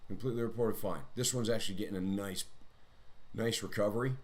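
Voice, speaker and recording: A man with a somewhat low voice hosts a live trading stream. He walks through his charts in casual, rambling commentary and mocks himself now and then in chatty asides. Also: steady tone, fast talker, a little mellow.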